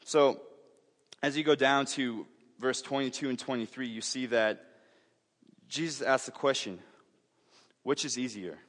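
A young man delivers a sermon in a sincere, chatty way, stumbling into restarts and little asides as he goes. His voice sits at an ordinary middle pitch. A long reverb from a large hall trails behind his words. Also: measured pace, long pauses, fairly bright tone. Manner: earnest, conversational, with frequent restarts and asides. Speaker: preacher.

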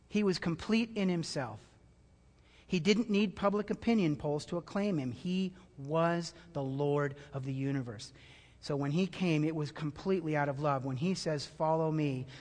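A pastor with a high-pitched voice delivers an animated sermon, dropping to hushed tones and then rising to near-shouts. Long reverb from a large hall rings around his voice.

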